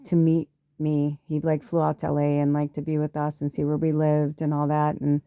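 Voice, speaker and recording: Mellow-voiced woman telling a story. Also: monotone, normal speed, smooth, no echo. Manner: chatty, swearing, acts out quotes in a higher voice. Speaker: podcast host, spiritual medium. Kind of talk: casual storytelling.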